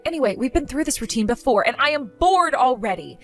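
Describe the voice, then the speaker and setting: A woman's voice: sits high, animated, quick pace, soft background music. A woman doing a dry, fed-up young wife. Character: weary, exasperated young married woman. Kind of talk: voiced text-story skit.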